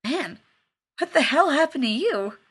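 A flustered, easily scandalized young man, snapping back in sharp outbursts, as a woman reads him aloud. He is indignant and defensive, a storybook figure read by one reader. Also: high-pitched, big pitch swings, measured pace, pitched above the performer's own voice, heavily acted. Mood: snarling.

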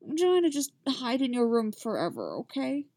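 A woman's voice: high-pitched, huge pitch swings, moderate pace, dark tone, dry recording, pitched above the performer's own voice, heavily acted. A woman doing a sulky nervous young man. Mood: embarrassed. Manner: mumbling, sulky complaints.

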